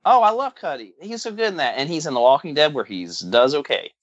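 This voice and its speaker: A man co-hosting a casual movie podcast, joking and rambling in a lively way. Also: fairly high pitch, quick pace, no echo, lo-fi sound. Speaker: podcast co-host.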